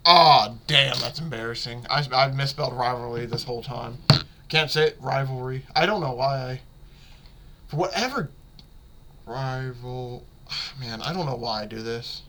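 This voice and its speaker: A man with a bright, forceful voice hosts a casual sports podcast. He rambles excitedly, stumbles over his words and corrects himself as he goes. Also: medium pitch, moderate pace. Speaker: podcast host.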